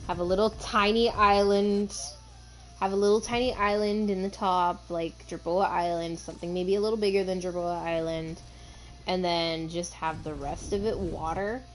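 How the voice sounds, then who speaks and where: A woman streaming a dinosaur survival game, chatting excitedly and talking to her viewers. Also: on the low side, moderate pace, soft background music. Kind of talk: casual gameplay chat.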